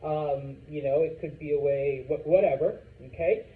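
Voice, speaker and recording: A man's voice: a little high, steady tone, moderate pace. A middle-aged man teaching a Spanish class, chatty and joking, checking in with "okay?" after most points. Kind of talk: classroom lecture. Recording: tinny, echoey classroom recording with faint hiss.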